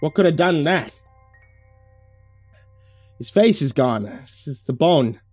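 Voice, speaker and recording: A man's voice: fairly high pitch, lively intonation, slow pace, darkish tone, breathy edge, no echo, soft background music, pitched above the performer's own voice, exaggerated voice. A man voicing a blunt, hot-tempered British man who swears, in a spoken horror story. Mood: shocked.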